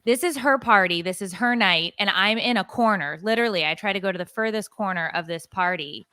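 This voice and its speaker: A woman's voice: medium pitch, a little fast, bright, forceful tone, smooth, dry recording. A woman in her forties, co-hosting a podcast and telling a rambling, confessional story full of fillers. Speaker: podcast co-host. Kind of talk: casual confessional chat.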